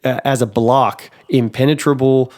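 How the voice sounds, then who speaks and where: A man co-hosting a podcast in a casual chat, rambling through thoughts with lots of fillers and restarts and jumping up in pitch when he gets excited. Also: unhurried. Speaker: podcast co-host.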